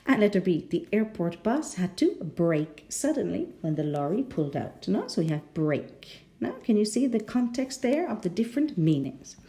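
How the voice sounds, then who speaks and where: A woman's voice: medium pitch, very animated, normal speed, warm tone. A woman with a rhotic English accent teaching a pronunciation lesson, patient and often checking in with the learners.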